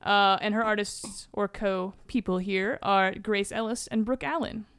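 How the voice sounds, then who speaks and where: A woman's voice: medium pitch, fairly even intonation, a bit bright, clear, resonant tone, no room sound, clean studio sound. A woman hosting a casual podcast, running a trivia game and reading the outro in an upbeat way. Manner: upbeat, reads scripted outro quickly. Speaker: podcast host and quiz master.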